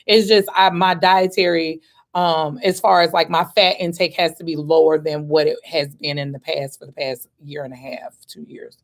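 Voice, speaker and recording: A woman's voice: deep voice, fairly even intonation, normal speed. A woman in her forties answering questions in a casual vlog, candid and chatty, with frequent ums and easy laughs. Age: 40s. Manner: gives herself a pep talk with "girl" and "baby". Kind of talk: casual chat.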